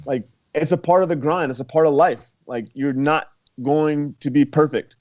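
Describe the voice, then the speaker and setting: Speaking at normal speed in a slightly high, steady, darkish voice, a young former college wrestler chats laid-back as an interview guest. He laughs often and uses plenty of "like" and "you know," captured on a muffled lo-fi recording.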